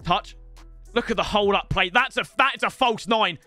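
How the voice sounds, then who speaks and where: A young man giving casual, excitable gameplay commentary, swearing and breaking into shouts. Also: high-pitched, normal speed. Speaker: gaming YouTuber. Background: faint game music.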